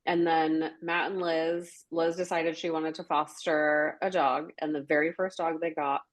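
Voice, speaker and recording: A woman's voice: low-pitched, little pitch movement, unhurried. A woman podcast host, chatting casually with many fillers and frequent laughs. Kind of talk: casual chat.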